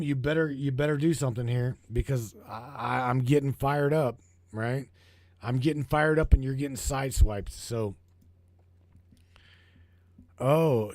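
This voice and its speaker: A man hosts a livestream in a dry, close-sounding recording, stammering and restarting his sentences. He rambles, grows heated and swears freely, at a middle pitch for a man. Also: no room sound. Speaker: livestream host. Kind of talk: casual livestream talk.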